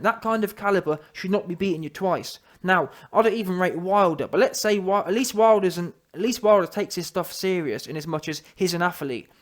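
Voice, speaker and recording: Emphatic British man, high voice. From United Kingdom. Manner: emphatic, rambling, self-correcting. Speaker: boxing commentator. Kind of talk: opinionated casual commentary.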